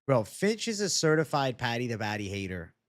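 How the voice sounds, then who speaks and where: A man's voice: medium pitch, big pitch swings, a little fast, no echo, studio quality. A young man hosting a casual MMA live stream, chatting loosely, answering viewer comments and swearing freely. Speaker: MMA YouTube host.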